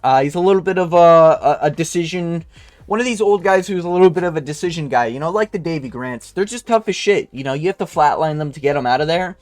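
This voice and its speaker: A man's voice: fairly high pitch, animated, fast talker, no echo, soft background music. A young man from Canada ranting casually and bluntly about fight results, crude and rambling with lots of fillers. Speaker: MMA commentator reviewing fight results. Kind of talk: casual profane rant.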